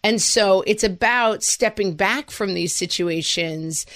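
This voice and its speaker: A woman co-hosting a parenting podcast, talking quickly and chattily with easy laughs. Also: mid-range voice, fairly bright tone. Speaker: podcast co-host. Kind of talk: podcast conversation.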